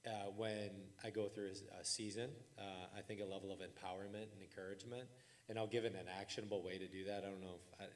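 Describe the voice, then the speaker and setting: A man in his thirties on a casual panel, talking earnestly and haltingly with lots of fillers. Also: fairly low pitch, steady tone, distant mic.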